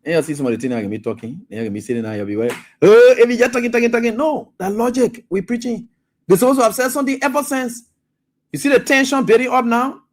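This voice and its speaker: A man with a Liberian English accent hosting live talk radio, scolding and animated, stumbling over fillers as he reads a statement aloud. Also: high-pitched, fast talker. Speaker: radio talk show host.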